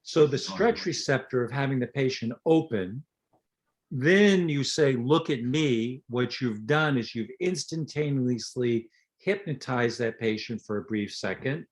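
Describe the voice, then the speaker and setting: An older man talks in a relaxed interview, mixing anecdotes with plain teaching. He is a dentist and lecturer, and he acts out the lines of the people in his stories. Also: mid-range voice, a little slow. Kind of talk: storytelling interview talk.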